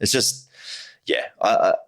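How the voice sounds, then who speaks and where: A man's voice: unhurried, fairly bright tone. A man hosting a podcast, asking long, hesitant and rambling questions in casual conversation. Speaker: podcast host.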